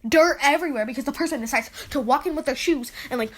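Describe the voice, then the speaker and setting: A woman's voice: sits high, fast, a bit bright. A woman hosting a casual solo podcast, rambling and exasperated as she lists her pet peeves with lots of "like"s. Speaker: podcast host.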